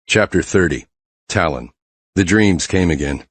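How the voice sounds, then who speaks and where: A man's voice: low-pitched, animated, measured pace, slightly rough, no echo. A man narrating a romance audiobook in the first person, tense and introspective.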